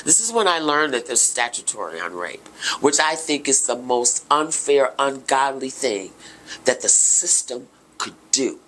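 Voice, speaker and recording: Husky woman, middle-aged, talking emotional and fired up, voice jumps all over. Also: very deep voice, big pitch swings, measured pace. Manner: emotional, impassioned, swings between hushed and loud. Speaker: podcast host. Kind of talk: personal testimony.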